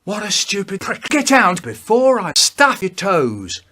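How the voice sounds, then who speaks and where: A man voicing a rude, bratty rival who shouts to get his turn. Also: high-pitched, wildly swooping pitch, measured pace, voice pushed up, full character voice. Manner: rude, snapping.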